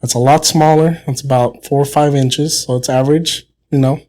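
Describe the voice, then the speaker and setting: A man co-hosting a podcast, telling a long joke in a casual way and clearing his throat often. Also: medium pitch, steady tone, moderate pace, darkish tone. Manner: storytelling with voiced characters, frequent throat clearing. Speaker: podcast co-host.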